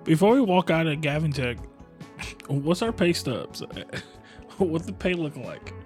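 A man playing a tabletop game, jokey and excitable. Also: on the high side, measured pace, soft background music. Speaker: player. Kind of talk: casual tabletop game play.

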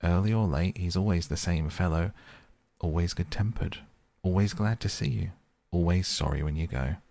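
Brief: a man doing a hearty, good-natured storybook water rat, low and gravelly. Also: moderate pace, warm tone. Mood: cheerful.

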